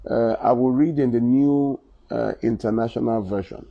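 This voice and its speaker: A Nigerian-accented man preaching, his voice gravelly and dark in tone. He reads scripture aloud and drives his points home with rising, impassioned stresses. The recording is dull and lo-fi. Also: mid-range voice, normal speed. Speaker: Bible teacher. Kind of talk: sermon-style teaching.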